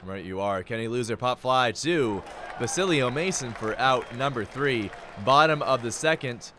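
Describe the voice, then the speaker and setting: A young man calls the action live in a medium-pitched voice. His delivery is loose and jokey, full of playful asides between plays. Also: expressive, normal speed, background noise. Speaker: play-by-play announcer. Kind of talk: live play-by-play commentary.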